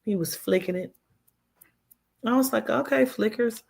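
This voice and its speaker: A woman's voice: fairly high pitch, a little slow, gravelly, darkish tone, husky. A woman hosting her own live stream, talking casually and drifting from one thought to the next. She swears freely and answers her viewers' chat comments as they come in. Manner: chatty and rambling, with frequent swearing and "child" asides. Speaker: livestream host.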